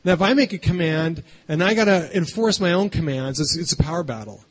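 A man's voice: on the high side, lively intonation, fairly quick, slightly rough. A man preaching a conversational sermon, often checking in with the congregation by asking "right?". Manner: chatty, keeps adding "right?". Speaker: pastor.

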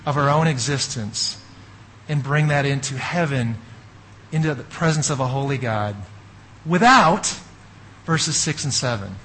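A man preaching a sermon as a pastor, telling an animated story with asides to the audience. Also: on the high side, a little hiss or hum, rough recording.

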